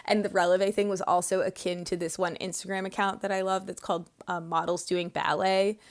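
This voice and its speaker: A woman's voice: on the low side, flat delivery, a little fast. A woman from Connecticut co-hosting a podcast in casual chat. She rambles and trails off with fillers. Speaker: podcast co-host.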